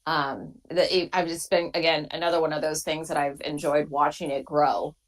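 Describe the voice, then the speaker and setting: A woman's voice: low voice, flat delivery, normal speed, poor audio. A woman rider being interviewed, speaking casually and hesitantly with many fillers. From Washington State. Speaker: interview guest, motorcycle rider.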